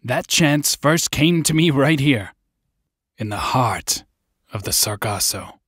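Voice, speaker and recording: A stern haunted sea captain. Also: male voice, medium pitch, expressive, takes it slowly, a bit bright, breathy edge, no room sound, clean studio sound, full character voice. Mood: grave. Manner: stern, commanding, old-fashioned seafaring speech. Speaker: ship captain. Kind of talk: audio drama acting.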